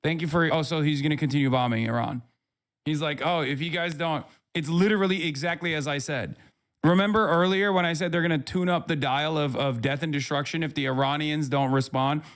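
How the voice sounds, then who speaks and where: A man's voice: on the high side, a little fast, a bit bright. A man live-streaming, talking back to his chat in a sarcastic, profane, rambling way. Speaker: livestreamer.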